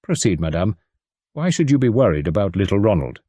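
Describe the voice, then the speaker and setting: A courteous, precise Belgian detective speaks with measured care, dropping in French phrases, as a man performs him. The delivery is low-pitched but lively. It sounds close and dry. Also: no room sound.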